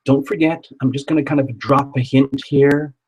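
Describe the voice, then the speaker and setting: A man's voice: medium pitch, steady tone, normal speed, breathy edge, highs cut off. A man doing a live tarot reading, chatty and encouraging, who repeats words for emphasis. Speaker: tarot reader.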